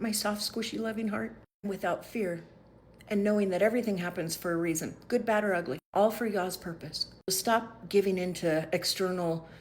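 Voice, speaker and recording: A woman sharing a casual faith talk straight to her viewers, affectionate and folksy, sometimes dropping to a soft whisper. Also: lowish voice, slight background noise. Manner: uses casual slang. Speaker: faith vlogger.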